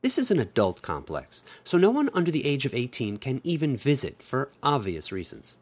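A man narrating an adult story in an expressive storytelling manner. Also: mid-range voice, normal speed, husky. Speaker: audiobook narrator.

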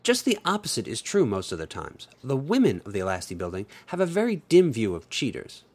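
A man's voice: medium pitch, wildly swooping pitch, a little fast, a little mellow. A man voicing a bashful, polite young man in an adult audiobook, speaking tactfully and a little sheepishly.

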